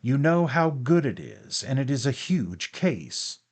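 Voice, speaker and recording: A man's voice: medium pitch, big pitch swings, unhurried. A man voicing a stern, fussy elderly grandfather in an audiobook, speaking in a raised, insistent way.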